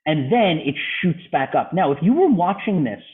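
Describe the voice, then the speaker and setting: Sing-song and on the high side, this man's voice moves at a moderate pace as he teaches a trading club. Through phone-like video call audio, he goes over charts and puts questions to a student.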